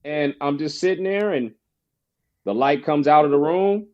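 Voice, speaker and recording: A man tells a personal story as a podcast guest, casual and full of slang. He animates the voices of the people he quotes. His voice sits a little high, and the audio is slightly dull and lo-fi. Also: normal speed. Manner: animated storyteller, acts out quoted friends in a higher voice; casual slang, frequent "bro" and "you know".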